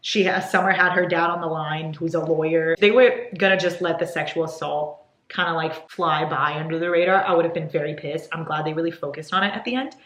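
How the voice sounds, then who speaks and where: A woman's voice: low-pitched, steady tone, brisk, fairly bright tone. Gushing woman book vlogger, echoey room. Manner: gushing and profane. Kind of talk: casual book review chat. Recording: roomy echo.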